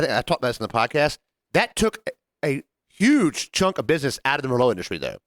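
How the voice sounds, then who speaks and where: A man talks quickly with a lively, swooping delivery, acting out the voices of customers and coworkers. He is recorded close and dry, in a casual podcast conversation with a friend. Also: mid-range voice, no echo. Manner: animated storyteller, acts out quotes. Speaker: podcast co-host, bartender. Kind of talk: casual chat.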